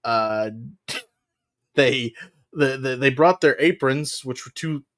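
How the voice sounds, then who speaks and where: A man's voice: medium pitch, slow, a bit bright. A man co-hosting a casual wrestling podcast, rambling through the news with frequent "uh"s and laughs. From United States. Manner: rambling, laughs often, lots of filler "uh". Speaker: podcast co-host.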